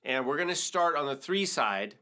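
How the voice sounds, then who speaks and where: Expressive and at a moderate pace, a middle-aged man's fairly high, pushed, bright voice guides a hand-drum lesson step by step. The percussion teacher counts and sings rhythms aloud, breaking into vocables, as congas and wood block play behind him.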